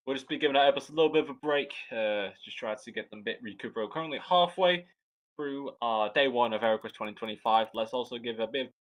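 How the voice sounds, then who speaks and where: A man's voice: mid-range voice, quick pace, muffled recording. Chatty Scottish man commentating live. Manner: chatty, joking, rambling with restarts. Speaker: air show commentator.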